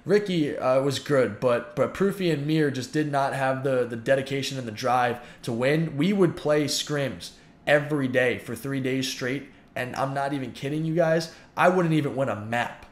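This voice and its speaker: A man's voice: medium pitch, moderate pace, reverberant. A man in his twenties venting his frustration in a heated, repetitive vlog monologue. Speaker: YouTuber and pro gamer.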